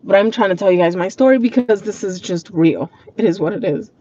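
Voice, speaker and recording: A woman's voice: medium pitch, a little fast, mellow, muffled recording, a little hiss or hum. A woman vlogging from her parked car, talking candidly and emotionally with her viewers, swearing freely and holding back tears.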